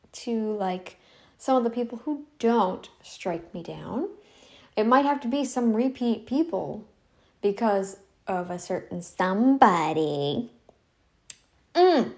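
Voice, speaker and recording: With a slightly high voice and a darkish tone, a woman vlogger addresses the camera casually yet insistently. She repeats herself for emphasis, using drawn-out, emphatic phrasing.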